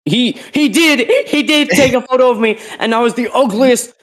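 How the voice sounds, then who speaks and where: A man's voice: very high-pitched, normal speed, a bit bright. A teenage boy co-hosting a podcast, telling a rambling story in casual chat and acting out the people in it. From Northern Ireland. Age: teens. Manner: rambling storytelling, acts out quotes. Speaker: podcast co-host.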